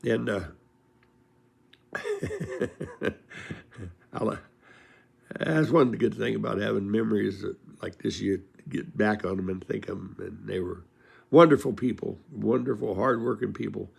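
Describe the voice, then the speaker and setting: A man's voice: lowish voice, sing-song, measured pace, gravelly, pauses often, slightly rough. An older man from California telling rambling, folksy stories about his old buddies, chuckling as he goes. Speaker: storyteller. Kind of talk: casual spoken storytelling.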